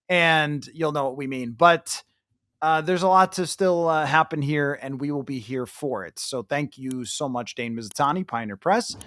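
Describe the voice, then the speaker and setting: A man hosts a casual sports podcast, speaking in a fairly high voice on a dry, close microphone. He talks animatedly and breaks into playful mock voices when quoting fans. The room sound is tight, with no echo. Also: a bit bright. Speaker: podcast host.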